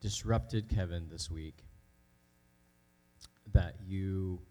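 A man leading a spoken prayer in church, halting and full of ums and uhs. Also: low-pitched, steady tone, warm tone. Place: church sanctuary.

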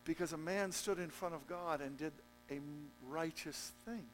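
A man preaching a sermon as pastor, joking with the congregation and swinging between loud emphatic peaks and low, quiet stretches. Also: moderate pace, a little hiss or hum, low-quality recording. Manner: jokey, conversational asides to the congregation.

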